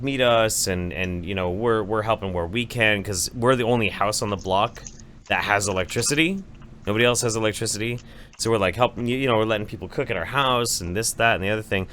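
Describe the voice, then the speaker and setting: A man casually telling a long anecdote on a podcast, profane and animated, acting out voices as he goes. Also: lowish voice, a little hiss or hum. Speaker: podcast co-host. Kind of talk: casual storytelling chat.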